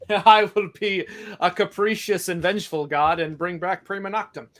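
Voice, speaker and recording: A man's voice: high-pitched, normal speed, fairly bright tone. A man chatting casually on a livestream about his comic art, rambling and joking at himself. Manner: rambling, self-mocking, trailing off. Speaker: comic artist.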